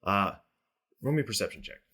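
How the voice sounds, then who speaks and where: A man's voice: fairly low pitch, lively intonation, a little fast, sharp tone, husky. A man narrating as game master of a tabletop role-playing game, in an easygoing, laid-back way.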